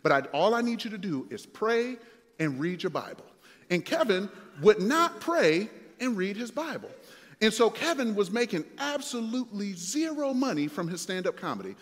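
A male pastor preaching a sermon, moving from relaxed storytelling to emphatic, building exhortation. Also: sits high, moderate pace, long reverb tail.

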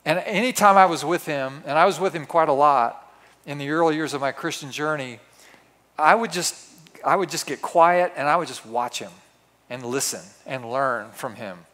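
A man preaching in a large, echoing hall, his long reverb trailing behind every line. He tells his story dramatically, dropping to hushed asides and then bursting into loud exclamations. His voice sits a touch high for a man. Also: moderate pace. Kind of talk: storytelling sermon.

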